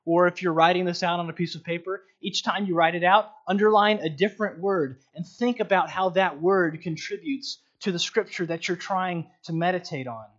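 A man giving an earnest, unhurried teaching on meditating on scripture, often restarting his sentences. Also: high-pitched, fairly bright tone. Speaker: Bible teacher. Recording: dull lo-fi recording.

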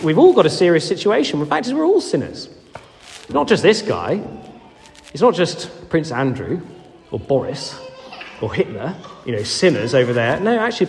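A man's voice: a little high, a little hiss or hum. A man, a vicar, preaching a sermon in a church and acting out the voices of people in the story. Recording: long echoey church reverb.

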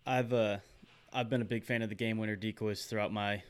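Low, smooth-voiced man. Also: fairly even intonation, a little fast. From Texas. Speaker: podcast co-host. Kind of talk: casual podcast chat.

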